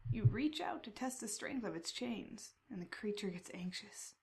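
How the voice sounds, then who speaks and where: A woman playing a text adventure, reading the descriptions aloud and breaking into excited reactions. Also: on the high side, a little fast, hardly any pauses. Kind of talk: casual game playthrough.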